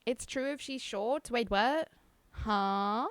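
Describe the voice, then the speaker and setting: A woman's voice: fairly high pitch, slow pace, clean tone, no echo. A woman streaming live, chatting casually, reading chat aloud and laughing often.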